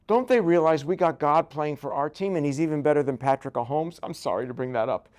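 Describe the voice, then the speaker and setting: A man's voice: a little high, fairly quick, darkish tone. An older man, a rabbi, giving a conversational Bible lecture full of jokes and asides, often checking in with "right?". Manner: joking, keeps asking "right?".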